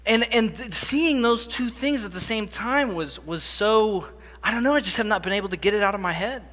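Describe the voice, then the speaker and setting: A man's voice: sits high, animated, normal speed, fairly bright tone. A young man giving a storytelling conference talk, conversational with self-deprecating humor, on a stage microphone in a large hall. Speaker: conference speaker. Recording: long hall reverb.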